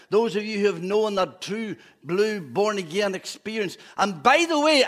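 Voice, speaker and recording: A man's voice: high-pitched, a bit bright. A man preaching a fervent evening sermon in church, with humorous asides.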